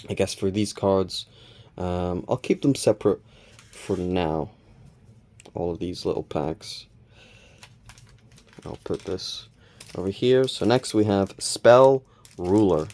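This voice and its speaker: A man hosting a casual unboxing video, calmly counting cards and reading their names aloud with small self-corrections. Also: low-pitched, slow, pauses often. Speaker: channel host opening card packs.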